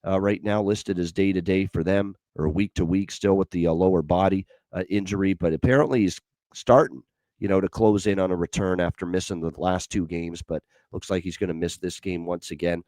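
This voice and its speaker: A man's voice: low-pitched, fairly even intonation, fairly quick, darkish tone, no echo. A man hosting a sports betting show, talking through picks with lots of fillers and repeated stats.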